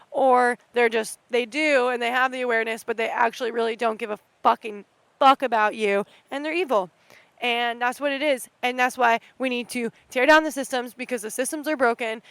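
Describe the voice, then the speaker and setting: A woman's voice: fairly high pitch, a bit bright, dry recording. A young woman from the United States hosting a podcast, delivering an unscripted, profanity-laced, impassioned rant outdoors at night. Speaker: podcast host.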